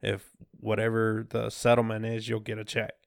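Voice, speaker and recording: A man's voice: fairly low pitch, monotone, normal speed, gravelly, dry recording, studio quality. A man co-hosting a podcast, telling a story in laid-back slang and quoting what others said to him. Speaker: podcast co-host. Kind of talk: casual storytelling chat.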